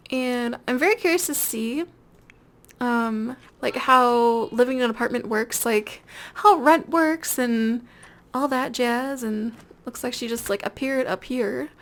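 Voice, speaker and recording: A woman's voice: fairly high pitch, measured pace, fairly bright tone. A young woman giving casual, rambling commentary over a life-sim game, chatty and giggly with lots of fillers. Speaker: gameplay video host. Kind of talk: casual let's-play commentary.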